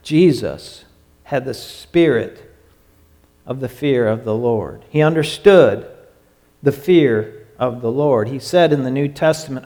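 A man preaching a sermon in an emphatic way, stretching out his phrases and sometimes dropping to a hush. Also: mid-range voice, animated, slow pace. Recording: long hall reverb.

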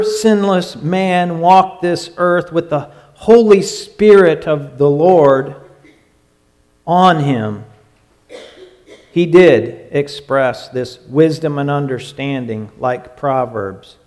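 A man preaching a sermon in an emphatic way, stretching out his phrases and sometimes dropping to a hush. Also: fairly high pitch, takes it slowly. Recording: long hall reverb.

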